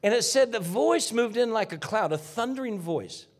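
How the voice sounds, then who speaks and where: A man preaching a fervent sermon as a guest pastor in a church, talking folksy and straight to the congregation, dropping to hushed whispers and rising to near shouts. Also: high-pitched, expressive, moderate pace, breathy edge. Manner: folksy, addresses congregation directly. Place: church sanctuary.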